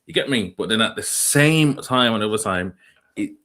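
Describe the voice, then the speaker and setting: Brief: young streamer, very low voice, slangy and rambling, quizzes his chat. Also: animated, moderate pace, pushed and bright. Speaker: livestream host. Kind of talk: casual reaction livestream chat.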